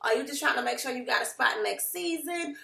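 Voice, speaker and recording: A woman casually recapping a reality show, acting out what the cast said in lively voices. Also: high voice, fairly quick, creaky, echoey room. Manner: animated, acts out quotes of the cast.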